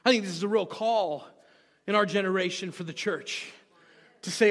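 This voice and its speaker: A man preaching a sermon as pastor, swinging from hushed, quiet passages to shouted bursts. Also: sits high, moderate pace. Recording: long hall reverb.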